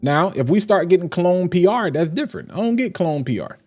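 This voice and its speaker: Brief: high-pitched male fragrance reviewer, energetic slangy live-stream talk, faint music behind. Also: brisk. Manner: animated and emphatic, slangy. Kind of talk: casual live-stream chat.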